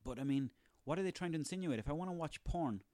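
A man's voice: fairly high pitch, expressive, quick pace, warm tone, no room sound, clean studio sound. An Irish man in his thirties delivering a sarcastic, profanity-laden comic rant on his own. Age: 30s. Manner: profane, sarcastic, ranting, rambling.

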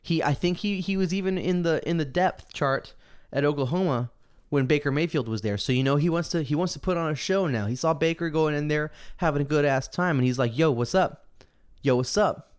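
A young man hosting a casual show, ranting in an animated, slangy way and mocking people with put-on quotes. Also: on the high side, a little fast, clear, resonant tone. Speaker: podcast host. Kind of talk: casual opinion rant.

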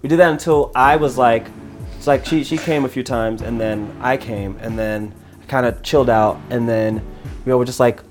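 A man telling a long story in casual podcast chat, rambling and animated, with many restarts. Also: medium pitch, normal speed, soft background music.

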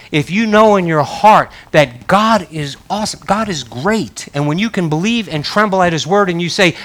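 A man preaching a sermon in a conversational, animated way, building to emphatic outbursts. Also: on the high side. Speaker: pastor.

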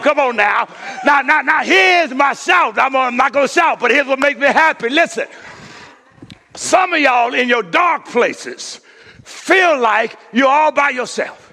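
In a church sanctuary, a pastor spurs his congregation on with call-and-response preaching, repeatedly crying "come on now." His voice is very high, bright and forceful, ringing through a reverberant hall.

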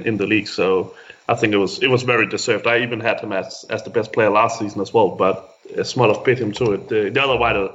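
A man's voice: on the low side, a bit bright, dull audio. A man, an editor on a football podcast, talking casually and often repeating words as he goes. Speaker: website editor, podcast guest.

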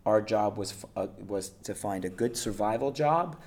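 A man, an acting coach giving casual, animated advice in an interview, often checking in with "right?" and "you know". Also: on the low side, moderate pace.

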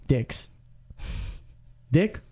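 A man's voice: drawn-out words, mellow. A man hosting a podcast, bantering crudely and teasing his co-hosts. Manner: profane, teasing, talks over others. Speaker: podcast host.

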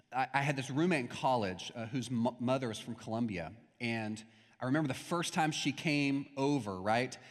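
A young adult man preaching a sermon as a pastor, in a conversational style with stories and acted-out quotes. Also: on the high side. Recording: long hall reverb.

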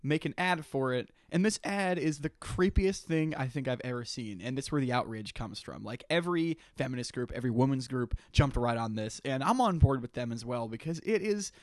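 A man's voice: medium pitch, lively intonation, brisk, few pauses, dry recording, clean studio sound. A man co-hosting a podcast in casual chat, telling a story with animation and frequent laughter. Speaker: podcast co-host.

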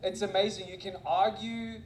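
High-voiced man preaching in an echoey room. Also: moderate pace, slight background noise. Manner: animated, self-mocking, laughs often. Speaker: guest preacher and missionary. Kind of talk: energetic sermon with storytelling.

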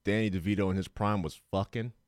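A man's voice: on the low side, fairly even intonation, no room sound, studio quality. A man co-hosting a casual podcast, talking in slang and repeating words as he jumps in. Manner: fast, stammering repeats, slangy. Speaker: podcast co-host. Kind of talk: casual chat.

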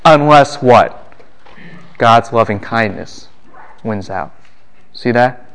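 A man lecturing a class on the Bible, animated and full of rhetorical questions. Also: medium pitch, takes it slowly, clear, resonant tone.

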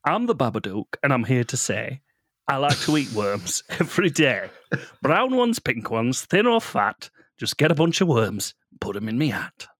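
A man's voice: medium pitch, lively intonation, unhurried, a bit bright, no room sound. Man doing the Babadook, brash put-on Aussie monster. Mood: sing-song. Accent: put-on Australian. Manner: swaggering, crude, breaks into laughter. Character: the Babadook, tall male monster obsessed with worms. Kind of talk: comedy podcast character bit.

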